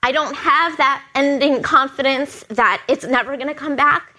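A woman speaks steadily and reflectively about what she has been through. Her voice is bright and fairly high. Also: normal speed, rough recording. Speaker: cancer survivor and lawyer. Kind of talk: personal testimony.

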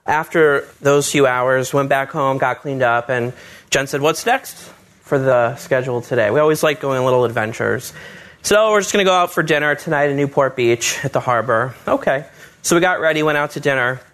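A man's voice: mid-range voice, brisk. A man telling a personal story about his proposal and family, acting out the people he quotes. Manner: animated storyteller, acts out quoted voices.

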